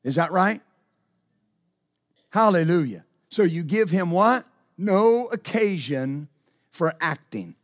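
A man preaching a sermon, telling stories in an animated way with sudden exclamations. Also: high voice, slow pace, long pauses. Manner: animated storytelling with bursts of exclamation. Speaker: pastor.

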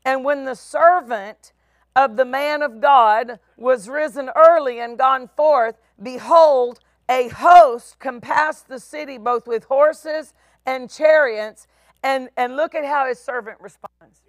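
A middle-aged woman pastor preaching a sermon, with emphatic, drawn-out phrases and voices for the people in her stories. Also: high-pitched, dry recording, studio quality.

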